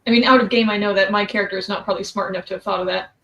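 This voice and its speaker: A woman's voice: mid-range voice, fairly even intonation, racing, a bit bright, muffled recording. A woman playing a tabletop game, casual and playful. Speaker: player.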